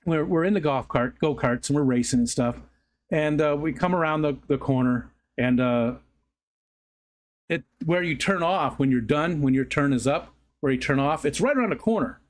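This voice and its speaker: A man's voice: fairly high pitch, moderate pace. A middle-aged man hosting a livestream, telling rambling stories in casual chat, often correcting himself and laughing. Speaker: livestream host.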